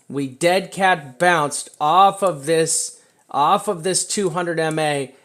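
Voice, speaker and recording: A slightly high-voiced man talks through trading charts at his desk in a loose, casual way. He piles on fillers and keeps checking in with "right?", and he slows down to hammer home his warnings. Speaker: crypto chart analyst.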